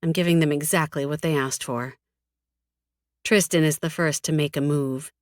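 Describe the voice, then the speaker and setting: A woman narrating a first-person audiobook in a cold, flat, defiant tone, with frequent swearing. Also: sits low, normal speed, dry recording, studio quality.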